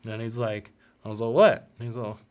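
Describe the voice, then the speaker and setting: A man hosting a podcast, speaking earnestly and emotionally in a heartfelt personal monologue, his voice softening and catching at times. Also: lowish voice, monotone, fast. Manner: earnest and emotional, often choked up. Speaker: podcast host.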